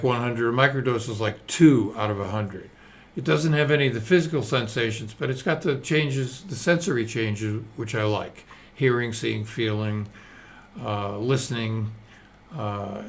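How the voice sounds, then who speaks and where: A man's voice: mid-range voice, fairly bright tone. A man in his seventies hosting a live stream, talking in a loose, digressive, self-mocking way and swearing now and then. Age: 70s. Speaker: host. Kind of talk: rambling live-stream monologue.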